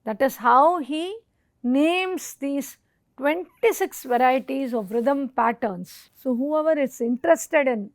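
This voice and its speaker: A woman from India delivers a recorded lecture at a slow, careful pace. Her voice sits high, and she recites Sanskrit verses and lists technical terms deliberately. The sound is dry and close. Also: dry recording. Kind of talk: educational lecture.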